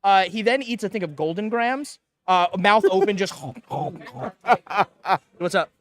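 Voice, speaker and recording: A man on a panel show telling a long comic anecdote, animated, with quoted asides and laughter. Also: high voice, measured pace. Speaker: panel guest. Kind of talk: casual storytelling on a live panel show.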